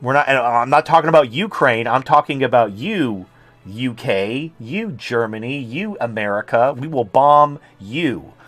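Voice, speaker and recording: A man delivering a loose, profane political rant at an ordinary middle pitch. He sneers and slips into mocking impressions of the people he criticizes. Faint music plays underneath him. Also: lively intonation, unhurried, fairly bright tone, no room sound. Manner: profane, sarcastic, mocking mimicry of others. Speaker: political commentator. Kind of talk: casual ranting monologue.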